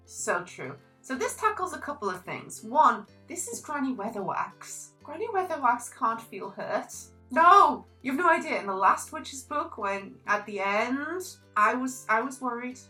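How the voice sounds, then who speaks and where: A young woman reviewing a book in a casual, animated vlog, gushing about characters and reading quotes aloud. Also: on the high side, unhurried, hardly any pauses, faint music behind, poor audio.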